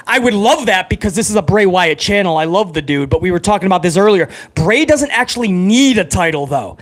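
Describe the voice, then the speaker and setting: A man hosting a live wrestling reaction stream, excitable and over-caffeinated, swearing freely as he chats with his viewers. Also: high voice.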